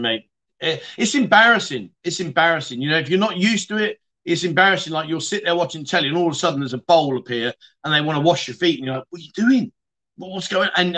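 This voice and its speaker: A middle-aged British man hosts a casual livestream, reading viewer comments aloud in a chatty, blunt way and calling people "mate." His voice is on the high side and a bit bright.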